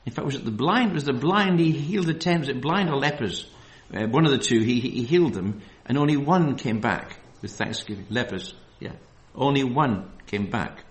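A man preaching a Bible study sermon. He reads verses slowly and with emphasis, then drifts into loose, filler-heavy asides. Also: medium pitch, expressive.

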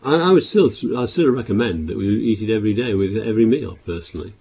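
A male preacher with a low, mellow voice and a slightly husky edge. He gives a sermon, raising his voice to read scripture and then dropping back to explain it with halting restarts. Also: animated. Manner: reads scripture aloud louder, with halting restarts.

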